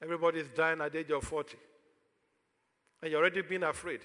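A man's voice: on the high side, a little fast, pauses often, sharp tone, big-room sound. A man with a Nigerian accent preaching a sermon as pastor, throwing questions out to the congregation for them to answer.

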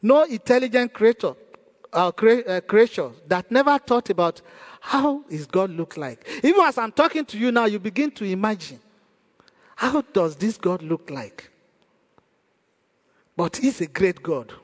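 A man's voice: sits high, sing-song, measured pace, in a large hall. A man preaching a sermon as pastor, asking rhetorical questions and repeating praise to the congregation.

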